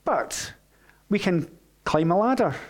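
A man's voice: high-pitched, very animated, slow, heavily acted. Toad, a man reading a greedy storybook toad. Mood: pleading.

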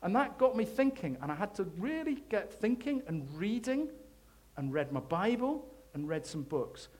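A man preaching a sermon, telling his own faith story in an animated, self-deprecating way. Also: high voice, normal speed. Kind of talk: sermon testimony.

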